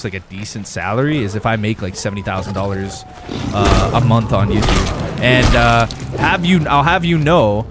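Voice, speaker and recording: A young man live streaming a game, chatting loosely with his viewers, rambling and swearing a lot. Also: medium pitch. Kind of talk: casual live stream chat.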